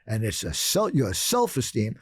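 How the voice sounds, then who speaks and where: A man's voice: fairly low pitch, wildly swooping pitch, normal speed, slightly rough, dry recording, clean studio sound. An older man from Brooklyn, telling stories emphatically as a podcast guest and repeating phrases for effect. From Brooklyn, New York. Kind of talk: storytelling interview talk.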